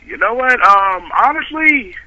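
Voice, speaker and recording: A man's voice: very high-pitched, animated, measured pace, lo-fi sound, crowd noise. A man calling in to a radio show, chatting eagerly and swearing casually. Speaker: caller. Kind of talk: casual call-in chat.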